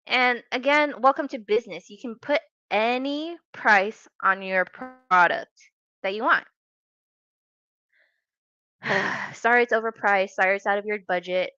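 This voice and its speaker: A woman's voice: mid-range voice, measured pace, bright, forceful tone, smooth, dry recording, muffled recording. A woman giving sassy, mocking reaction commentary. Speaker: commentary youtuber.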